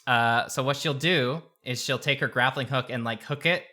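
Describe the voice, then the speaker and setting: A man playing a tabletop role-play game, musing aloud with hums and pauses as he describes his character's moves. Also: medium pitch, bright, forceful tone. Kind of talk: casual role-play chat.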